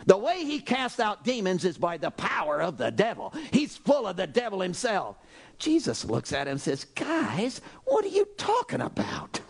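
A male pastor preaching a sermon, animated and exclaiming, acting out voices from the story. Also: high-pitched, moderate pace, gravelly.

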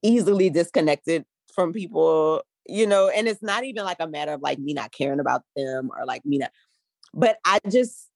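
A woman's voice: sits low, expressive, moderate pace, creaky, no echo. A young adult woman speaking frankly and loosely in a casual chat as co-host. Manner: frank, laid-back, lots of "like" fillers. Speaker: podcast co-host.

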